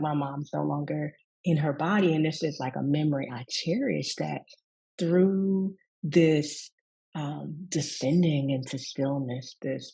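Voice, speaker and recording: A woman from the American Deep South, telling a personal story as a guest in a conversational, laughing way. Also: creaky, breathy edge, low-quality recording. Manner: warm storytelling with frequent laughs and asides. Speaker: guest speaker, rest coach.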